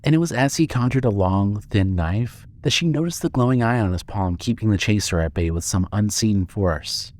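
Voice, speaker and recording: A man narrating a fan audio drama with steady storytelling. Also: on the low side, moderate pace, hardly any pauses.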